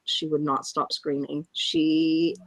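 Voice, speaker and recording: A woman giving a halting, emotional eyewitness account, often breaking off and restarting. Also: sits low, sing-song, vocal fry, very noisy. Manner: angry and frustrated. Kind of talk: emotional first-hand account.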